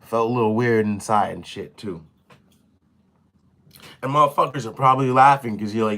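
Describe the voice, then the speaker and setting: A young man casually telling a story on his live stream, profane and animated, slipping into quoted voices. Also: mid-range voice, moderate pace, pauses often. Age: young adult.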